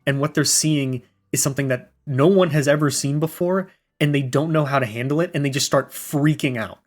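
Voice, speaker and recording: A man's voice: a little high, brisk. A young man co-hosting a podcast, giving an opinionated, critical take in casual rambling speech. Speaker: podcast co-host. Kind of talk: casual chat.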